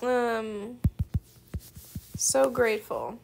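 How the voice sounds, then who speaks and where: Young female student gamer, gushing and excitable; high-pitched with a gravelly fry. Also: a little slow, pauses often. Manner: gushing, effusively grateful, giggly. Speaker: gaming video creator. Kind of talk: excited gameplay commentary.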